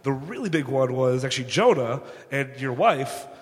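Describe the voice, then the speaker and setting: A man's voice: mid-range voice, expressive, normal speed. Eager man at an audience mic. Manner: eager, rambling thanks. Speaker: audience member asking a question. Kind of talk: speaking from a live audience mic. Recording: theater reverb.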